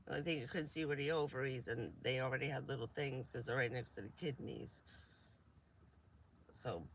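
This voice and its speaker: A woman's voice: a bass voice, a little fast, slight background noise. A woman from New Jersey chatting casually on a vanlife live stream, rambling and laughing often.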